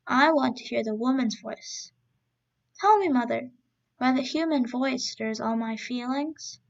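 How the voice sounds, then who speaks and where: A woman's voice: high-pitched, unhurried, creaky, dull audio. A woman voicing an impatient wild young boy who longs to hear his real mother. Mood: pouting.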